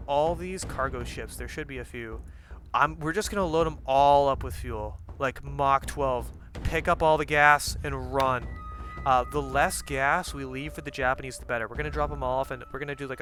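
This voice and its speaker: Bright-voiced young man cursing through gameplay. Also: medium pitch, moderate pace, faint music behind. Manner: rambling, profane, filler-heavy and joking. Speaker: strategy game player. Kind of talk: casual gameplay commentary.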